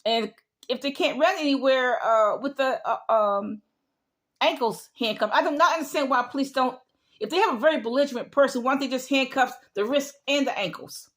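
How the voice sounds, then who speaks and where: A woman's voice: high voice, brisk, fairly bright tone. A middle-aged woman giving an emphatic opinion monologue, repeating her points in a lecturing way. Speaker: vlogger.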